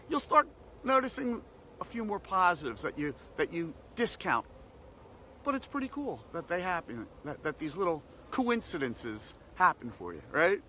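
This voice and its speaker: A man's voice: a little high, big pitch swings, moderate pace, bright, forceful tone, slight background noise. A man hosting a daily positivity practice, giving an upbeat, repetitive motivational talk that keeps circling back to short slogans. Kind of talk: motivational self-help talk.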